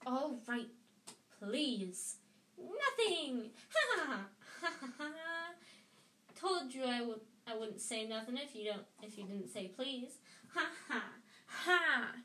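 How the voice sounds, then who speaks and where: Peeves, a cackling high singsong poltergeist, put on by a woman reading. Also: sing-song, slow pace, sharp tone, full character voice. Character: mischievous cackling male poltergeist, singsong and gleeful.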